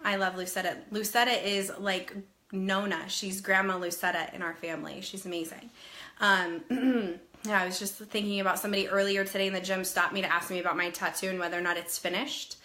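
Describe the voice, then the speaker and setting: A woman's voice: medium pitch, steady tone, fairly quick, bright, forceful tone. A woman in her thirties hosting a casual live stream, chatty and greeting viewers by name, slightly out of breath and a little nasal from a cold.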